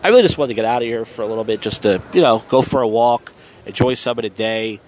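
A man's voice: mid-range voice, fast talker, a little hiss or hum. A man hosting a casual solo podcast, rambling loosely with profane, wry asides, recorded outdoors in a city on a phone. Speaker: podcast host.

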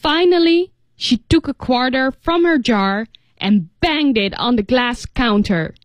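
A woman's voice: fairly high pitch, lively intonation, measured pace, dry recording. A woman co-teaching English in a radio studio, explaining words in a loose, casual way full of filler words.

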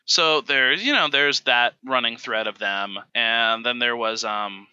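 Bright-voiced man chatting on a podcast. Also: mid-range voice, measured pace, smooth, highs cut off. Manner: chatty, animated, with frequent fillers and restarts. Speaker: podcast co-host. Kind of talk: casual podcast chat.

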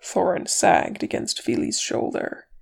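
A woman narrating a chapter of fan fiction as an audiobook reader, measured and expressive.

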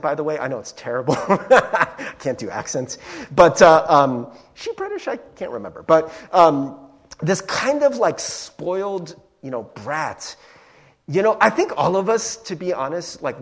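A man's voice: fairly high pitch, slightly rough. A young man preaching a casual sermon as pastor, chatty and self-deprecating with lots of fillers.

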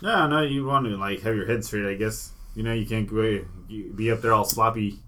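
A man's voice: on the low side, bright, forceful tone. A man co-hosting a casual podcast, joking and trading teasing insults. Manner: teasing, quick insults, laughs a lot. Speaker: podcast co-host. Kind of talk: casual crude banter.

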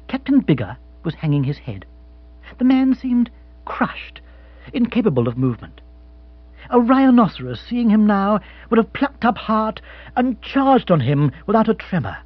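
A man narrating a comic novel with wry relish. His voice is husky and a little high, with an animated melody. The recording is dry and somewhat dull. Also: normal speed, dry recording. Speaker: audiobook narrator.

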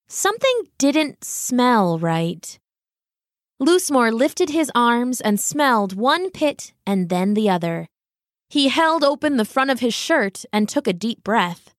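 Storybook narrator: woman, gentle and expressive, slow, dry close mic. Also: medium pitch, no echo.

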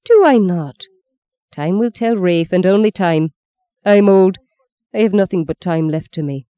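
A woman's voice: on the low side, measured pace, mellow, smooth, dry recording, natural voice. A woman voicing a scheming, sardonic old woman who speaks curtly and mockingly. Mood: taunting. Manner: mocking, curt, taunting.

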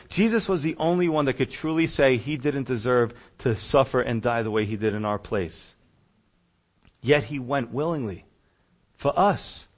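A male pastor preaching a sermon, reading scripture and rising emphatically as he voices a prophet's prayers. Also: on the high side. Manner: preaching with emphatic rises when voicing Jeremiah's prayers.

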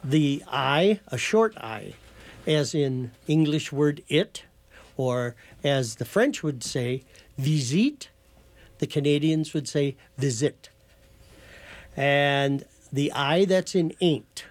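Man patiently explaining, slightly high voice. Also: slow pace. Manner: patient, lecturing, spells words out. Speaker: guest from a heritage foundation. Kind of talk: explanatory talk-show chat.

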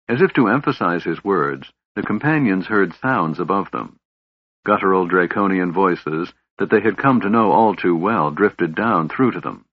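A man's voice: deep voice, animated, moderate pace, no room sound, highs cut off. A man steadily narrating a fantasy audiobook with a dramatic reading.

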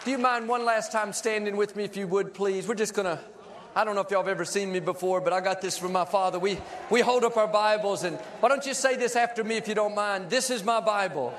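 A man's voice: high-pitched, steady tone, fast, crowd noise, background noise. A male pastor preaching a sermon with jokes in a large church, upbeat and leading the congregation in call-and-response.

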